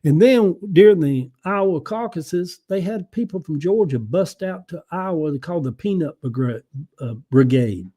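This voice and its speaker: An older man with a Southern US accent hosting a casual livestream, rambling folksy talk and often clearing his throat as he reads viewer comments. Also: a little high, expressive, normal speed, mellow. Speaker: livestream host.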